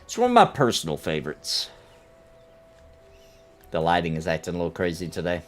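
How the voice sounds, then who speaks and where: A man's voice: low voice, huge pitch swings, a little fast. A man live-streaming an online game, chatting casually and jokingly with his viewers and teasing things in the game. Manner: playful, jokey, talks to chat and his game. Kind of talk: casual live-stream chat while playing.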